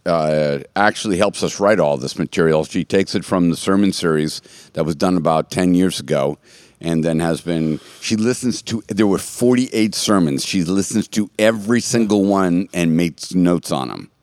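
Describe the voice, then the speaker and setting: Casting: a man with a lowish voice, rambling jokey host of a church talk, dry close sound. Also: normal speed, dry recording. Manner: rambling, jokey, trailing off in soft asides. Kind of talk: casual chat.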